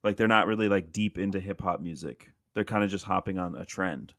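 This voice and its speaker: A man's voice: low-pitched, a little fast, fairly bright tone, no echo, clean studio sound. A man co-hosting a casual podcast chat, rambling with lots of "like" fillers and frequent laughs. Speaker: podcast co-host.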